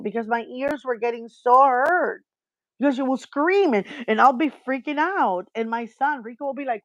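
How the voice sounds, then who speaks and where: A woman in a casual chat telling a story, rambling with many fillers and getting animated as she retells events. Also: high voice, moderate pace, dry recording, dull audio.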